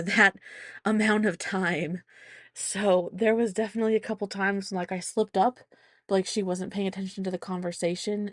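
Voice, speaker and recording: A woman's voice: fairly low pitch, gravelly, dry recording, studio quality. A woman in her thirties hosting a podcast, telling a family story in a chatty, rambling way, thinking aloud as she goes. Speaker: podcast host. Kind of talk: casual storytelling monologue.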